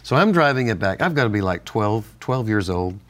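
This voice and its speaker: Older male co-host with a lively, swinging voice. Animated storyteller who laughs often on a Christian talk show. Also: lowish voice, fairly quick. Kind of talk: casual chat with storytelling.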